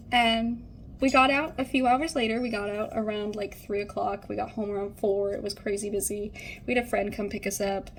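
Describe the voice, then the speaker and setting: A woman's voice: medium pitch, steady tone, a little fast, a little hiss or hum, poor audio. A young woman telling a casual, rambling story at home while she gets ready, full of "like" and "um". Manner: chatty, rambling, frequent "like" and "um". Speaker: vlogger.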